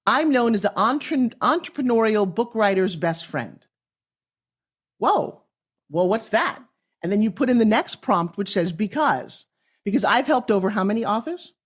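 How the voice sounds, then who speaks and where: A woman guesting on a podcast as a pitch coach, giving advice in an emphatic, salesy way with punchy phrasing. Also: lively intonation, moderate pace, slightly rough. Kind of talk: energetic podcast interview advice.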